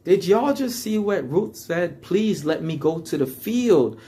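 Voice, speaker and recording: A man with a somewhat high voice leads a casual Bible study. He reads scripture with a lifted, declaiming tone, then drops into easygoing slang to explain it. He keeps checking in with listeners by asking "all right?". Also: measured pace. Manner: reads scripture aloud in a raised voice, then paraphrases it in relaxed slang. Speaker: Bible teacher.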